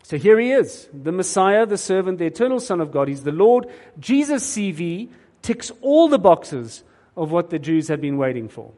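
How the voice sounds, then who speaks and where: A man's voice: sits high, very animated, moderate pace, mellow. A man preaching a sermon in an earnest, emphatic way, often repeating words as he starts a thought. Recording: long hall reverb.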